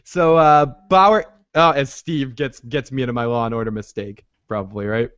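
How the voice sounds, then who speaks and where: A man's voice: medium pitch, fairly even intonation, moderate pace, a bit bright, clear, resonant tone. A man hosting a podcast, rambling through a casual TV recap and acting out scenes in voices. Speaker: podcast host. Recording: dull lo-fi audio.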